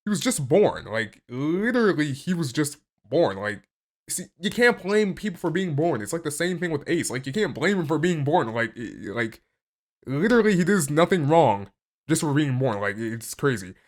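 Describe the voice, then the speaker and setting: Lively, stammering young man reacting. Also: fairly high pitch, moderate pace. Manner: excitable, stammering, heavy use of "like"; reads text aloud between reactions. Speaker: channel host reacting to a comic chapter. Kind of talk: casual reaction commentary.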